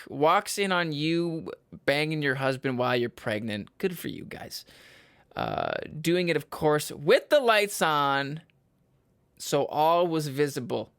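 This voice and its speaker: A young man from Michigan's Upper Peninsula hosting his own podcast, rambling and cutting himself off, laughing at his own jokes and breaking into loud yells. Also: fairly high pitch, sing-song, unhurried, clean tone, dry recording, clean studio sound. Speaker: podcast host. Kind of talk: casual solo podcast chat.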